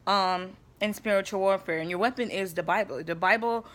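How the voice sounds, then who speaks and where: A vlogger delivers a casual faith talk to camera at a fairly quick clip, her medium-pitched voice carrying a fairly bright tone. She's chatty and emphatic, frequently checking in with the people listening.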